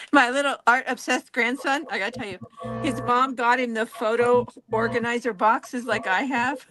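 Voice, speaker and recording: An older woman, a grandmother in an art group chat, telling stories in a lively way and acting out quotes. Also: a little high, normal speed. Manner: lively storyteller, acts out quotes. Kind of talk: casual chat.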